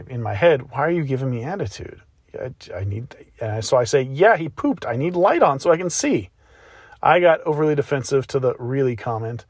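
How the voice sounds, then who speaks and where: A tired man, a new father, telling a casual personal story about a rough night in a plainspoken, self-reflective way. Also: medium pitch, no room sound. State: exhausted. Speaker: podcast host, new father of twins.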